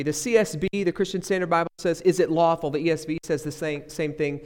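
A man preaching a sermon as pastor, swinging between loud emphasis and quiet asides. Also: on the high side, steady tone, brisk, hardly any pauses. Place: church sanctuary. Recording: echoey hall reverb.

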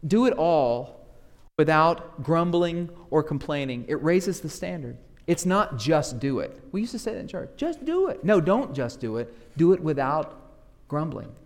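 A man preaching a sermon as pastor, animated, dropping into asides that mimic grumbling church members. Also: on the high side, measured pace, big-room sound.

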